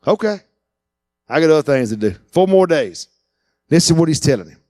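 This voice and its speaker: A man preaching a sermon, animated and acting out the voices he quotes. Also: fairly high pitch, normal speed, no echo, clean studio sound. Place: church.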